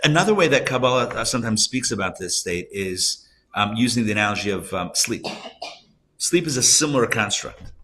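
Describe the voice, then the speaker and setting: A man, a rabbi, teaching a live class around a table, conversational and animated, asking rhetorical questions. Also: on the low side, fairly quick, slight background noise. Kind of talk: live Torah class lecture.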